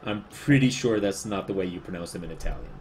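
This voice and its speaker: A man's voice: low-pitched, lively intonation, quick pace, darkish tone, a little hiss or hum. A man with a Spanish accent, a livestreaming artist chatting casually, rambling and self-deprecating as he answers chat.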